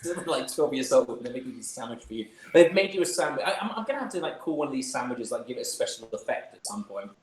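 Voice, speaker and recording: A man's voice: mid-range voice, big pitch swings, quick pace, few pauses, echoey room, slight background noise, rough recording. A man running a tabletop game, describing the scene in a rambling, chuckling way. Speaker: game master.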